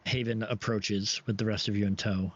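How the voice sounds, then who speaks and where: A man narrating as game master for a tabletop game, halting and full of restarts. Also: fairly low pitch, level tone, a little hiss or hum. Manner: halting, many restarts and fillers. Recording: dull lo-fi stream audio.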